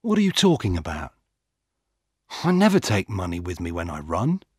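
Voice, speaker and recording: A man's voice: sits low, wildly swooping pitch, normal speed, darkish tone, slightly rough, no room sound, studio quality, exaggerated voice. A man reading a storybook aloud, voicing a defensive, cheeky young male jogger.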